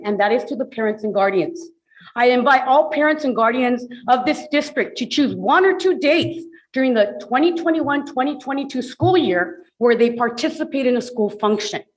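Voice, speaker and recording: A woman's voice: on the high side, low-quality recording. Earnest woman speaking at a podium. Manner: earnest, emphatic, slows to stress key words. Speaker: public commenter. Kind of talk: public comment at a school board meeting. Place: school board meeting room at a podium.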